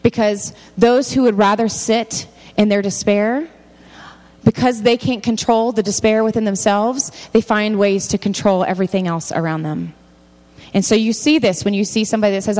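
A woman delivers a sermon at a middle pitch, reading scripture passages and breaking off to address her listeners. Her voice trails off into a long hall reverb. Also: fairly even intonation, moderate pace, a little mellow. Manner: reads scripture aloud, then breaks off to comment directly to listeners. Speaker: speaker giving a faith talk.

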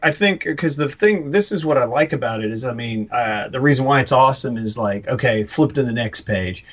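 A man's voice: medium pitch, brisk, fairly bright tone. A man co-hosting a podcast, talking animatedly and emphatically, swearing freely. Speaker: podcast co-host. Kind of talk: casual chat.

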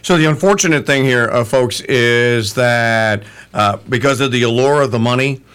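Animated, bright-voiced talk radio host. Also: male voice, medium pitch, normal speed, smooth. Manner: animated, opinionated, stammering restarts.

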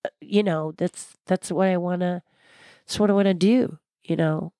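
A woman giving an interview, telling inspirational stories in an animated way and repeating words for emphasis. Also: lowish voice, moderate pace, no room sound, clean studio sound. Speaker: interview guest. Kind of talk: animated motivational storytelling.

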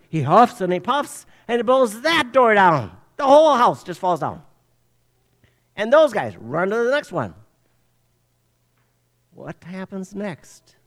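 High-voiced older man preaching a sermon. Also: slow, long pauses. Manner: animated storytelling preacher. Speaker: pastor.

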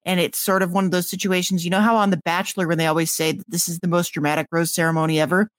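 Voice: medium pitch, level tone, rapid-fire, dry recording. Dry, wry podcast co-host. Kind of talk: casual chat.

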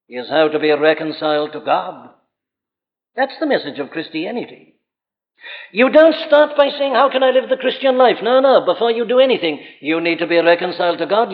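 A man's voice: high voice, big-room sound, lo-fi sound. A man preaching an evening sermon, earnest and insistent, pressing rhetorical questions on his listeners. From Wales.

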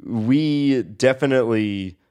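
A man's voice: medium pitch, takes it slowly, a little mellow, clear, resonant tone. A man co-hosting a casual podcast chat with a laid-back, wry manner. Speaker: podcast co-host.

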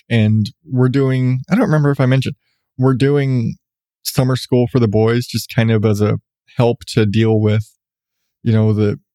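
A man's voice: mid-range voice, a little mellow, dry recording, studio quality. A congested middle-aged man hosting his own podcast, rambling and joking at himself in a loose late-night chat. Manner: rambling, self-deprecating, restarts often. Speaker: podcast host.

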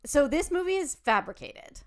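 A woman's voice: sits high, sing-song, moderate pace. Upbeat young woman summing up a film. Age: young adult. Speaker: podcast co-host. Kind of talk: casual film chat.

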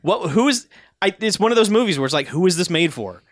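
A man's voice: high voice, lively intonation, fast, dry recording, studio quality. A man co-hosting a casual movie-review podcast, sardonic and laughing often as he acts out scenes. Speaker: podcast co-host.

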